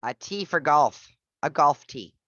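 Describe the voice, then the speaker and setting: Female pronunciation teacher, patient and unhurried, on a dull video call. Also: low voice, animated, fairly bright tone, dry recording. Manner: patient, explains slowly with repeated examples. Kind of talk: online class teaching.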